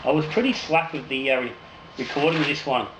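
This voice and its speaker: A man's voice: mid-range voice, fast. A man, a home brewer hosting his own channel, drawing raffle winners and chatting casually, joking and swearing freely. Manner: jokey, swears casually, trails off and restarts. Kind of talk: casual raffle draw and brewing chat. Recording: echoey room with noticeable noise.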